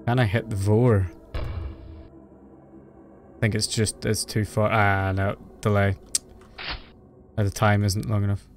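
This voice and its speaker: A man commenting live as he plays a video game, excitable and joking, with sudden yelps. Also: fairly low pitch. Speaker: game streamer. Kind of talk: casual live-stream commentary while gaming.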